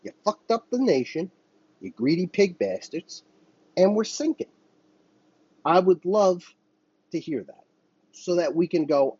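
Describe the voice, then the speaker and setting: A man delivers a solo commentary rant, swearing freely and wandering from point to point. His husky voice swings widely up and down. The recording is dull and lo-fi, with a dry sound. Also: high voice, expressive, unhurried, pauses often, a little mellow, no echo. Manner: profane, heated, rambling. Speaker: podcast host.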